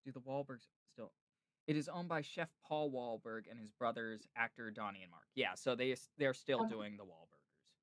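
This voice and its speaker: A laid-back man hosting a podcast, rambling through casual chat and leaning on "like" and "dude". His voice sits in a middle pitch, recorded close and dry with almost no room sound. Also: moderate pace, fairly bright tone, no echo. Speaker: podcast host.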